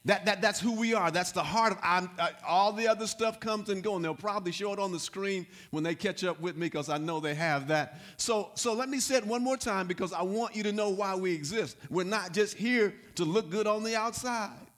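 A man preaching as pastor, repeating lines and building to loud calls to the congregation. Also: high voice, a little fast, hardly any pauses. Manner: repetitive, rising to loud exhortation. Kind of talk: sermon.

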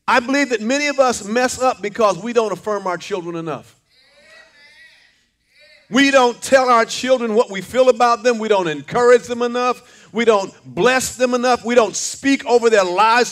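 A man's voice: very high-pitched, moderate pace, fairly bright tone. An older man preaching a sermon, fervent, with call-and-response lines and repeated words. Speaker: pastor.

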